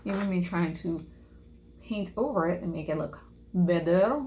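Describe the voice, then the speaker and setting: A woman's voice: on the low side, normal speed, darkish tone, slight background noise. A young woman chatting to viewers while she paints a craft, casual and self-deprecating. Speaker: vlogger. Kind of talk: casual craft vlog chat.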